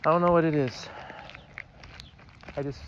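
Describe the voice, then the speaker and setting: At normal speed and in a steady tone, a fairly high-pitched young male vlogger walks and talks to camera outdoors. The ramble is confessional and self-deprecating with lots of swearing, and the recording is muffled by loud ambient sound.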